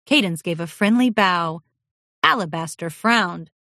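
A woman narrating a children's storybook aloud in an expressive, animated reading style. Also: medium pitch, a little slow, no echo, studio quality.

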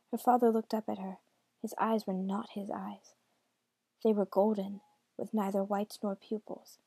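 A woman reading a dark fairy tale aloud in a hushed, intimate way, often dropping close to a whisper. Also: medium pitch, level tone, moderate pace, gravelly, slightly rough, no room sound. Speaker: storyteller. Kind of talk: storybook reading.

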